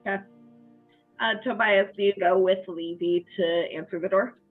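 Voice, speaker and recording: A woman narrating as game master in a tabletop game, unhurried with fillers. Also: mid-range voice, fairly even intonation, faint music behind. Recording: thin phone-like voice chat audio.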